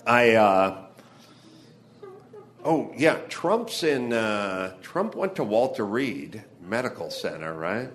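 A man's voice: on the low side, sing-song, takes it slowly. A man from the Los Angeles area performing a stand-up comedy monologue live on stage, ranting with profanity and wry asides.

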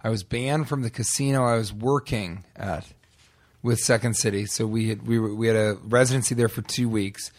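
A man's voice: on the low side, fairly even intonation, normal speed. A male comedian in casual chat, telling a rambling anecdote and acting out the other people in it.

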